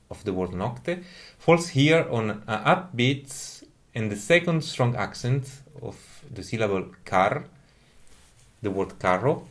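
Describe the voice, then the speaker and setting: A man giving a careful, methodical lecture on music, explaining each point step by step. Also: medium pitch.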